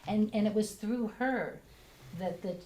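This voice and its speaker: A middle-aged woman sharing a heartfelt personal story with a church group, speaking gently and hesitantly with many fillers. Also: medium pitch, a little slow. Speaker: congregation member sharing. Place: church meeting room, also on video call. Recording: echoey room.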